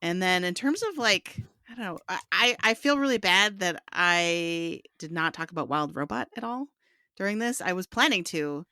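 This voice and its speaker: A woman co-hosting a relaxed podcast conversation. Her voice sits a little low but sounds bright and forward. She talks loosely and hedges often, with plenty of filler words. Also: normal speed, clean tone, no room sound, studio quality. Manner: chatty, hedging, full of "like" and "um". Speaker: podcast co-host. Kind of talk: casual chat.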